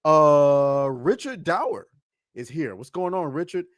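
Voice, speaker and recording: Guy hosting a stream, kinda high voice, swears a lot, runs thru the chat names. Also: big pitch swings, unhurried, dry recording, studio quality. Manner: loose, profane, reads out chat names. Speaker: podcast host. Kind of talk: casual livestream chat.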